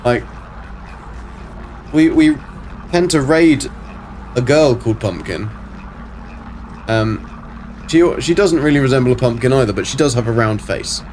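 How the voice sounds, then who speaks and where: A man's voice: medium pitch, expressive, measured pace, pauses often, darkish tone, a little hiss or hum. Chatty man streaming a game. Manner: chatty, answers chat and mutters to himself while playing. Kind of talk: casual live game stream.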